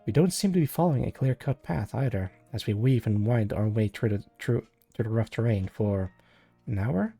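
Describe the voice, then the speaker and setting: A man reads a web novel aloud on a live stream, narrating in the first person and breaking off for casual asides. His voice is mellow and dark. Faint music plays behind him. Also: fairly low pitch, animated, normal speed, gravelly, no echo. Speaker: live-stream story reader.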